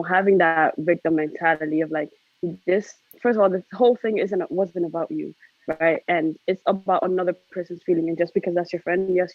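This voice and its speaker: A woman on a panel call speaks earnestly, pausing to find her words. Her sound is dry and muffled, as if from a low-quality mic, with almost no room around it. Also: no room sound. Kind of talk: casual panel discussion. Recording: dry, dull lo-fi audio.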